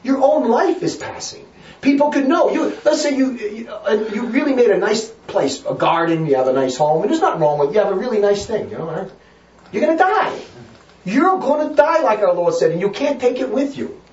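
A man's voice: high voice, expressive, a little fast, a little mellow, echoey room, recorded from a distance, highs cut off. A man preaching a fiery, emphatic sermon, hammering his points with repetition.

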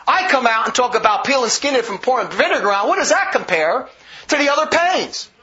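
A man with a very high, bright, forceful voice delivers a combative religious monologue, hammering each point with heavy emphasis. The recording is dull and lo-fi, with the top end muffled. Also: very animated, brisk. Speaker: religious commentator. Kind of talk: polemical monologue.

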